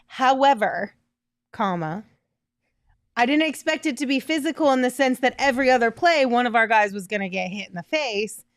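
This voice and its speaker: A woman hosts a laid-back sports podcast with an upbeat manner, laughing easily between points. Her voice sits fairly high. The sound is close and dry, with no room echo. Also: animated, normal speed. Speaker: podcast host. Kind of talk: casual sports podcast chat.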